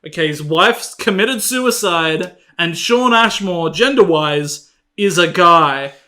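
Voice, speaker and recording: High-pitched giggly male co-host, sarcastic movie roast, roomy echo. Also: lively intonation, slow pace, sharp tone. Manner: giggly, sarcastic, acts out scenes in mock voices. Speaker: podcast co-host. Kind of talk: casual comedic movie review chat. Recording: roomy echoey room.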